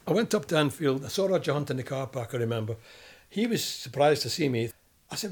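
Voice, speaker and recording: A man's voice: medium pitch, fast. An older Scottish man, a former footballer, recounting anecdotes in an interview and acting out the voices of people he quotes. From Scotland. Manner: animated storyteller, acts out quoted voices. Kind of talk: storytelling interview.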